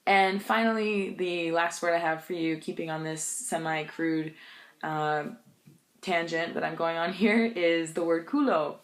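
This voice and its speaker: A young woman with a slightly low voice tells funny stories in a casual vlog. She is chatty and animated, and she laughs often. English is her first language. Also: a little slow. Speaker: vlogger.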